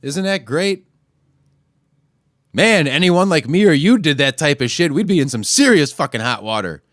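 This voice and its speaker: A man hosting a podcast, ranting casually and crudely, often pushing his voice louder and higher when worked up. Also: expressive, moderate pace, no room sound, studio quality. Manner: profane, crude trolling rant. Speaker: podcast host. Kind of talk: casual solo rant.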